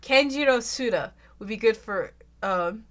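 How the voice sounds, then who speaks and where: A young woman with an American Southern accent, chatting loudly and casually with her stream audience, rambling and swearing freely. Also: lively intonation, unhurried. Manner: loud, rambling, swears freely, bursts into shrill laughs. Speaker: VTuber streamer.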